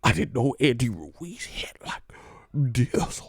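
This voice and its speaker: A man putting on the voice of a nervous, fawning male boxer, high and strained. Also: big pitch swings, slow pace, vocal fry, breathy edge, dry recording, studio quality, exaggerated voice.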